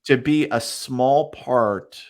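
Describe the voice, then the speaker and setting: Slow and mid-range, this male voice belongs to a psychic medium being interviewed. He spins casual stories, performs the lines people said to him, and breaks into laughter frequently with animated energy.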